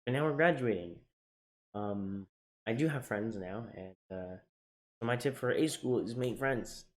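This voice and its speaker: A man's voice: mid-range voice, a little slow. A young man telling his own story on a casual vlog, candid and emotional, swearing now and then and often restarting his sentences. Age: young adult. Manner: candid and emotional, swinging from quiet to excited. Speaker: navy sailor sharing his journey.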